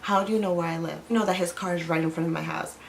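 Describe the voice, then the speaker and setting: A woman's voice: fairly low pitch, fairly even intonation, racing, creaky, a little hiss or hum, rough recording. A young woman vlogger telling a personal story in casual chat, full of "like" and acted-out quotes. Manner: chatty, fills with "like", acts out quoted lines.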